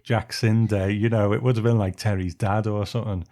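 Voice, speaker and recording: Low-voiced English man, easygoing. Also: little pitch movement, a little fast, mellow. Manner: easygoing, storytelling, chuckles. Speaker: podcast co-host. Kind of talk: casual podcast chat.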